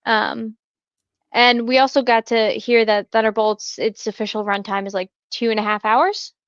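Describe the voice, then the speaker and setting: A woman's voice: fairly high pitch, fairly even intonation, normal speed, a bit bright, no echo, lo-fi sound. A young woman co-hosting a casual fan podcast, chatty and full of fillers as she talks. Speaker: podcast co-host.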